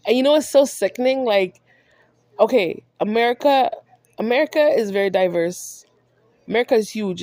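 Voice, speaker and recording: A woman's voice: medium pitch, warm tone, dry recording, clean studio sound. A woman vlogger delivering a heated monologue, scolding someone directly and repeating herself for emphasis.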